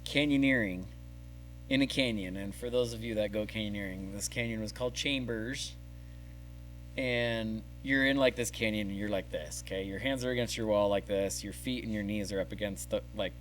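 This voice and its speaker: A man telling a story in casual podcast chat, animated and acting out the scenes. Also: lowish voice, moderate pace, soft background music. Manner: animated, acts out scenes with yelled quotes. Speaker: podcast co-host.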